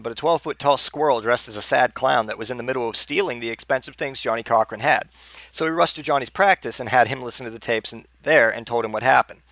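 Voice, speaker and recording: A man narrates an absurd comedic tale in a deadpan, matter-of-fact way. His voice sits in a middle pitch and is recorded dry and close, with small slips and restarts. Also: dry recording. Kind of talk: absurd comedic story reading.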